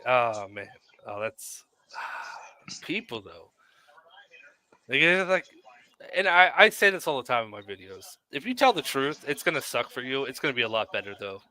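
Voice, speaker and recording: A man's voice: mid-range voice, sing-song, moderate pace, pauses often, bright, forceful tone. A male host in a casual chat with a guest, passing along questions from viewers. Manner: conversational, asks questions from viewers.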